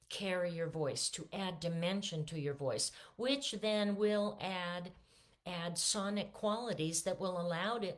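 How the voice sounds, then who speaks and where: Middle-aged woman voice teacher, casual and chatty, voice not quite warmed up. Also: fairly low pitch. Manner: relaxed, chatty, many fillers and restarts. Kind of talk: casual vocal lesson with sung demonstrations.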